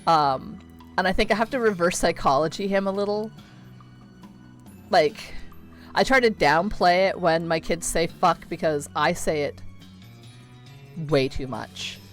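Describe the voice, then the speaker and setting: A woman's voice: on the low side, unhurried, long pauses, soft background music. A woman in her thirties chatting casually while playing a video game, rambling with lots of fillers and easy swearing. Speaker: streamer.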